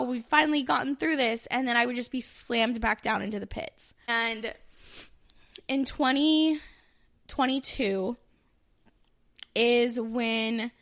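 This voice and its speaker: A woman's voice: fairly high pitch, a bit bright. A woman in her thirties candidly telling a personal story on a podcast, rambling with many fillers and restarts. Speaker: podcast co-host.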